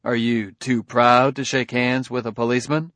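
A man voicing a shrewd male detective who presses a suspect in a firm, measured, needling way. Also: medium pitch, little pitch movement, fairly bright tone, no echo, close to an everyday voice.

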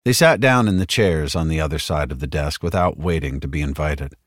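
A man's voice: rumbling low, fairly quick, hardly any pauses, no echo. A man narrating an audiobook in a dry, sardonic delivery. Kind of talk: scripted narration.

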